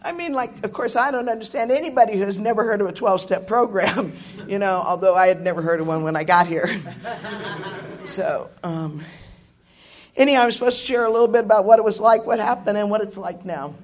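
Hoarse middle-aged woman, candid and joking. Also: medium pitch, fairly quick. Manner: candid, joking, laughs often, swears. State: hoarse, voice worn out. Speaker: speaker sharing at a recovery meeting. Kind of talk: personal recovery testimony. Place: meeting room with an audience.

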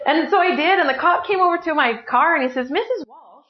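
Middle-aged woman sharing her story, laughs at herself, kinda high voice, dull lo-fi recording. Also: quick pace. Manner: lively, self-mocking storytelling with acted-out quotes. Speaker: speaker sharing at a recovery meeting. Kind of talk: personal testimony. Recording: echoey room, dull lo-fi sound.

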